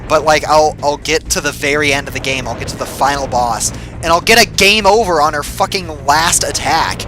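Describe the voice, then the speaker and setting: A young man giving casual gameplay commentary, excitable and quick to swear and yell when he gets frustrated. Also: a little high, music in the background.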